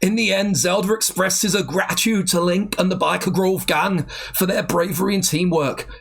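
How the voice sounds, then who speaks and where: A man's voice: sits high, steady tone, moderate pace, vocal fry, a bit bright. A man co-hosting a casual chat, reading aloud and bantering with self-mocking laughs. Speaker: podcast co-host.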